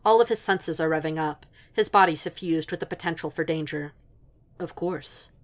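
A woman reading a piece of fan fiction aloud as audiobook narration, in a steady, even storytelling manner. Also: sits low, fairly quick.

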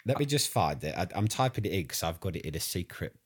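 Husky, deep-voiced man. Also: very animated, fast talker. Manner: boastful, rambling, hesitant. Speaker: comic interviewee. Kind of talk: improvised comedy chat.

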